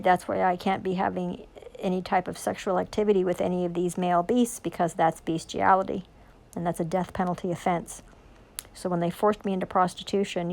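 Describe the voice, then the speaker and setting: A woman's voice: mid-range voice, creaky, darkish tone. A woman speaking in a rambling, intense monologue about scripture. She swears often and keeps asking rhetorical questions. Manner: intense, profane, preachy with frequent rhetorical questions. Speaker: self-styled religious preacher.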